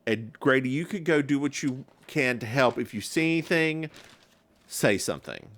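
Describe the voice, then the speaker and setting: A man's voice: mid-range voice, lively intonation, normal speed, fairly bright tone. A man co-hosting a podcast, recapping a TV episode in a campy, gossipy chat. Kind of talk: casual chat.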